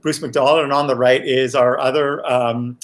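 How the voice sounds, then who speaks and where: A man's voice: mid-range voice, level tone, normal speed. Male show creator, casual guest chat, rambling with frequent restarts.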